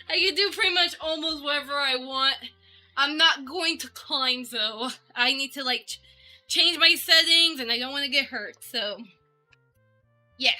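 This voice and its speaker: Giggly woman streamer, high voice, super bright sharp tone, soft music behind. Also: normal speed. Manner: bubbly and giggly, chatting to viewers. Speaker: VTuber streamer. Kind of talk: casual livestream chat. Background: faint background music.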